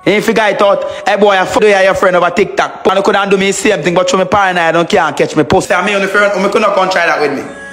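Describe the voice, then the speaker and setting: A man's voice: high-pitched, steady tone, fast talker, fairly bright tone, soft background music. A Jamaican man ranting angrily on a phone live stream, trading insults and repeating himself. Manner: angry, insulting, repetitive. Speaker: livestreamer. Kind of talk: livestream rant.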